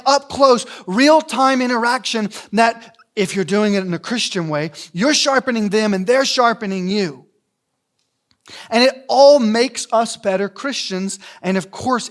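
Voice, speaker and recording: A man's voice: high-pitched, a bit bright. A man preaching a sermon as a pastor in a church, emphatic, repeating key phrases for weight. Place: church sanctuary.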